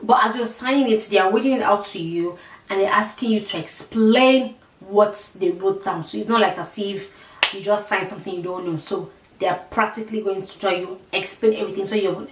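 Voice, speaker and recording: A woman vlogger tells a personal story in a casual, lively way and acts out each exchange with quoted lines. Her voice has a middle pitch. She sounds off-mic in an echoey room. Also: brisk, far from the mic, slight background noise. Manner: animated, dramatic retelling with quoted dialogue.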